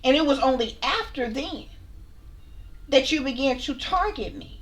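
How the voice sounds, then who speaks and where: A woman's voice: high-pitched, expressive, unhurried. Blunt, profane woman ranting to viewers. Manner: blunt, profane, sassy, repeats herself. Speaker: channel host, spiritual reader. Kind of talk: heated casual rant to camera.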